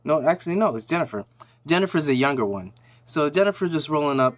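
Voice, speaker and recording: A man's voice: a little high, expressive, fast. A man hosting a nerd news channel, giving a casual, slangy, rambling recap of a TV episode with lots of fillers.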